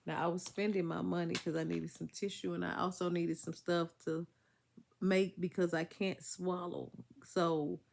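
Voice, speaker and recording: A woman's voice: on the low side, level tone, normal speed, vocal fry. A woman vlogger chatting to her viewers, telling a story in an emphatic, chatty, vernacular way while getting over an illness. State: congested, recovering from illness.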